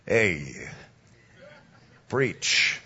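A man doing the voice of a smooth-talking East Coast casino director with a low, tough-guy drawl. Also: sing-song, extremely slow, sharp tone, muffled recording, heavily acted. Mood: laid-back tough.

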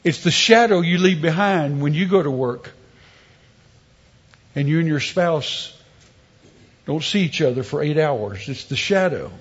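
Middle-aged male preacher, husky tone, emphatic sermon delivery with humor. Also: fairly high pitch, lo-fi sound. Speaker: pastor.

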